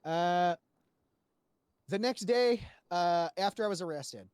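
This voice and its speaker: A man with a somewhat high voice tells a roleplay story to a panel in a loose, rambling way. He restarts his sentences often and swears freely. The sound is close and dry. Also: lively intonation, slow, darkish tone, clear, resonant tone, no echo.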